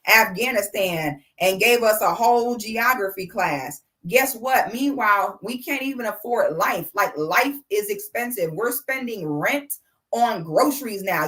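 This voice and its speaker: A woman's voice: medium pitch, fairly bright tone. A woman, ranting bluntly and sassily on a livestream. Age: 30s. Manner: blunt, sassy, profane. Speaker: livestream host. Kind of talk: casual commentary rant.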